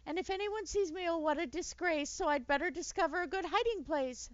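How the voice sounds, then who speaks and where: A woman's voice: very high-pitched, fairly quick, dry recording, voice pushed up. A woman voicing a vain male storybook lion who wails dramatically in despair. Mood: panicked. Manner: dramatic, wailing. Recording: dull lo-fi dry recording.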